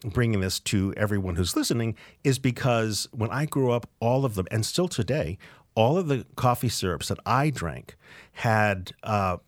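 A man's voice: on the low side, animated, normal speed, no room sound, studio quality. A man from South Coast New England co-hosting a food podcast, chatting with enthusiasm and explaining things. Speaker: podcast co-host. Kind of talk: casual food podcast chat.

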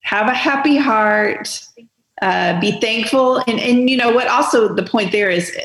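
A woman's voice: a little high, measured pace, a bit bright, roomy sound, poor audio. A woman co-hosting a casual Bible study podcast, speaking emphatically and drawing out her words when making a point. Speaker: podcast co-host.

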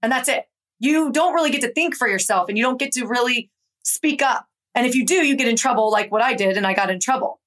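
A young adult woman from Georgia, a guest author telling her story in an animated, conversational interview. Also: fairly high pitch, quick pace. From Atlanta, Georgia. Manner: animated, acts out quoted voices in her stories.

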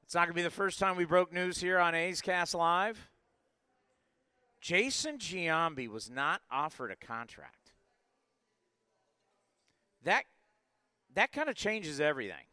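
A man in his forties hosts a live sports show in a bright, forceful voice that stays smooth and crisp. His pitch sits a bit high for a man. He talks with energy and rambles through plenty of asides. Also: lively intonation, a little slow, pauses often, no room sound. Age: 40s. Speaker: sports podcast host. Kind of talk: casual live sports talk.

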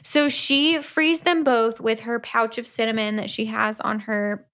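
A woman's voice: on the high side, steady tone, unhurried, a bit bright. A woman co-hosting a podcast, retelling a novel's plot in casual chat and slipping into playful voices for the characters. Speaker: podcast co-host. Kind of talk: casual book-review chat.

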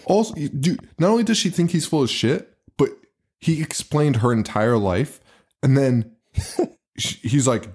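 With a medium-pitched, slightly rough and somewhat mellow voice, a man speaks at a measured pace while co-hosting a horror podcast. He goes over a movie's plot casually, laughing a lot and swearing in profane disbelief.

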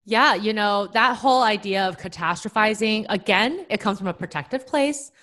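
Calm, explanatory woman psychologist. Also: mid-range voice, moderate pace. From Taiwan. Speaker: psychologist guest. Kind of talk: interview answers.

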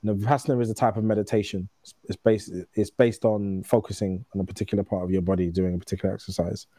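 Candid man, mellow low voice. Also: level tone, no echo. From United Kingdom. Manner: candid, storytelling, quick restarts. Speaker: guest. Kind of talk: casual conversation.

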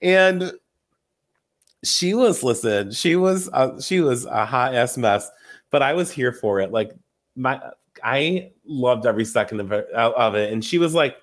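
A man hosting a casual podcast, recapping reality TV gossip in an animated, laughing way with free swearing. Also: mid-range voice, a little slow. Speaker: podcast host.

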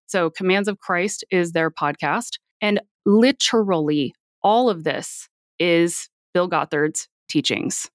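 A woman's voice: fairly low pitch, moderate pace, dry recording, clean studio sound. A woman speaking as a podcast guest in a casual interview, earnest and at times dryly sarcastic.

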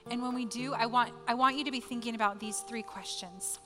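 A woman's voice: a little high, steady tone, a little fast. A woman in her thirties, a pastor, giving a sermon through earnest, emotional personal storytelling. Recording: hall reverb with soft music behind.

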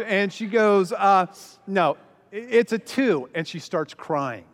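A man's voice: high voice, slow, fairly bright tone, big-room sound. A man speaking as a pastor, telling a story with self-deprecating humor and many fillers. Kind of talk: humorous teaching talk.

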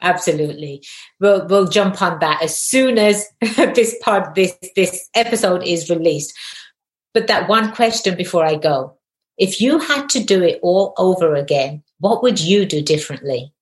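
A woman's voice: on the low side, animated, moderate pace. A woman hosting a podcast interview in an upbeat way, laughing often. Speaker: podcast host and attorney. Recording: roomy echo.

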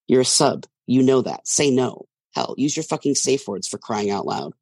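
A man's voice: mid-range voice, big pitch swings, moderate pace, darkish tone, no echo, clean studio sound. A man voicing a tearful, theatrical young man who pouts and scolds his partner, his voice thick from crying. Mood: scolding. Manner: dramatic and sulky.

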